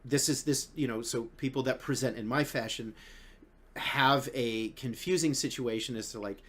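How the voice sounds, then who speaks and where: A man's voice: mid-range voice, moderate pace, a bit bright, breathy edge. A man hosting a podcast in casual chat, rambling and swearing, full of restarts. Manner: rambling, profane, many restarts. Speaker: podcast host.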